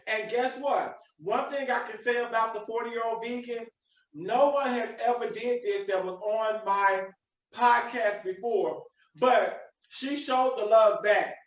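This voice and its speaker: A man's voice: very high voice, unhurried. A man hosting a live podcast. He preaches with motivational emphasis. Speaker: podcast host. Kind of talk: live video podcast chat. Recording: echoey room, distant mic.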